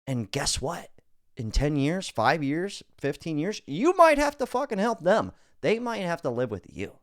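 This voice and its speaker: A podcast host talks bluntly and swears freely. His pitch rises and falls a lot as he swings between loud and quiet. The sound is dry and close. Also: very animated, unhurried, no echo. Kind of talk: casual podcast commentary.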